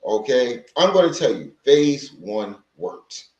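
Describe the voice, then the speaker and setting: Male livestream host, lively pitch, chatty and rambling, roomy echo on the mic. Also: slow, muffled recording. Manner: rambling, conversational, with many restarts; greets viewers from the chat. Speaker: livestream host on healing from narcissistic abuse. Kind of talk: casual livestream talk. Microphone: livestream microphone.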